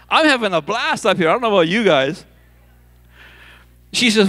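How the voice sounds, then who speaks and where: A man from Hawaii preaching a sermon on a church stage, telling the story in a playful, animated way and repeating words as he goes. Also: high-pitched, moderate pace, pauses often. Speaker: pastor.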